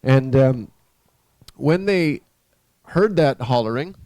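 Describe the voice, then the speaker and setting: A man preaching in a church, telling a story in a conversational, halting way with frequent restarts. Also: medium pitch, lively intonation, warm tone, no room sound. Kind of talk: storytelling sermon.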